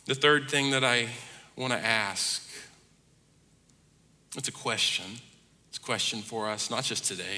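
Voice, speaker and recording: A man preaching a sermon as pastor, swinging between hushed asides and loud emphatic runs. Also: medium pitch, measured pace, long pauses. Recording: long reverb of a large hall.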